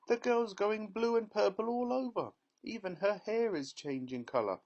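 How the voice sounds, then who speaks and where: A man's voice: high voice, moderate pace, a little mellow, muffled recording, voice pushed up. A man voicing a panicky middle-aged mother who screams in alarm. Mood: panicked.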